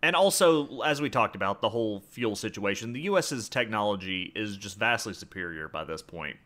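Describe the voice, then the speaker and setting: A man leads a history podcast in relaxed chat, breaking up his explanations with wry asides. His pitch swings freely from phrase to phrase, and his tone is bright and forceful. The feel is loose, like friends talking. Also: fairly quick. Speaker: podcast host. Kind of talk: casual history podcast narration.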